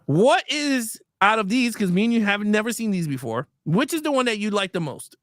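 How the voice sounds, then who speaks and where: Young man, high lively voice, bright and dry, casual chatty cartoon talk, laughs a lot. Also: brisk, no echo. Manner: laughs often, animated, retells gags. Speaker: co-host reviewing classic cartoons. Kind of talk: casual chat.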